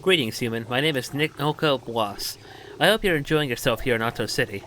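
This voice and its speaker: A man's voice: medium pitch, expressive, brisk, a bit bright, slight background noise, close to an everyday voice, low-quality recording. A man reading the lines of a formal, worried male alien official in his own voice. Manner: formal, earnest.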